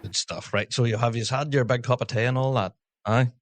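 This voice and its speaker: A man's voice: medium pitch, steady tone. Chatty male podcast host. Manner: chatty, laughs often, quick asides. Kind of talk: casual chat.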